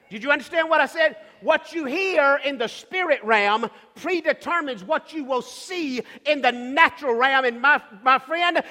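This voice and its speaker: A male preacher delivering a sermon, emphatic and repetitive, building to shouts, in a church with long reverb. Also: very high-pitched.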